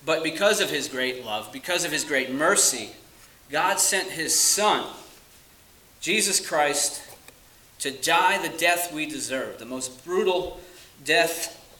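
A man preaching a sermon with a bright, forceful voice. He is earnest and emphatic, leaning slowly on key words and then dropping low. The room around him rings with echo. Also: lively intonation. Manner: earnest, emphatic, with slow stressed phrases and dropping to quiet asides.

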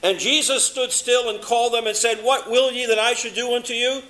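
Male preacher with a high, bright voice; dramatic sermon delivery, stretching key words. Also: steady tone. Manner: dramatic, swings from loud emphasis to low hushed delivery, slows for stress.

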